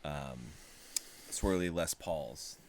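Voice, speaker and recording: A man in a casual podcast chat, telling rambling, animated stories with frequent swearing. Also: very deep voice, extremely slow, a loud crowd. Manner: rambling, animated, profane storytelling. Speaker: podcast participant, musician.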